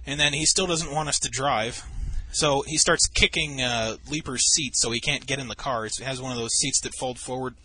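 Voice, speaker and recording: A man's voice: mid-range voice, moderate pace, few pauses, pushed and bright, husky, low-quality recording. A man commentating over a game replay, telling a rambling, profane story in a casual way, full of restarts.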